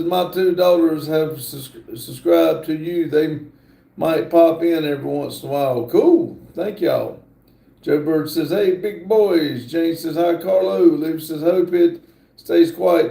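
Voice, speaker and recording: A middle-aged man talks slowly through a casual livestream, reading chat aloud with plenty of "uh"s. His voice is gravelly and mellow. The room is echoey. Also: fairly high pitch. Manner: slow, drawling, reads chat aloud with many fillers. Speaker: livestream host.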